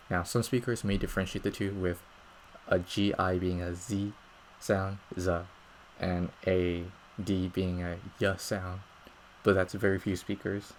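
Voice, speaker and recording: A man teaching pronunciation in a calm, methodical way, often checking in with listeners as he explains each sound over slides. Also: low voice, slight background noise, poor audio. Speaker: language teacher.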